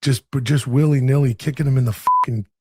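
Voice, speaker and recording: A man impersonating a gruff male action star who boasts in a mumbling, menacing way about hurting stunt men. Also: mid-range voice, a little fast, slight background noise, lightly acted. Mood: boastful.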